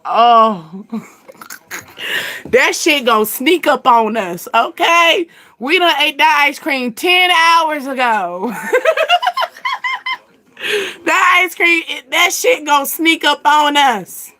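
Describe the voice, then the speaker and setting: High, bright-voiced laughing woman. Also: takes it slowly, long pauses. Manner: animated, laughing often, slangy. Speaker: channel host. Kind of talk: casual chat.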